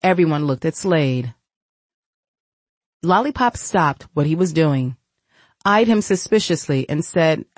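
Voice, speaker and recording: A woman narrating an audiobook in steady storytelling. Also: sits low, a little slow, pauses often, no echo. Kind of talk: scripted narration.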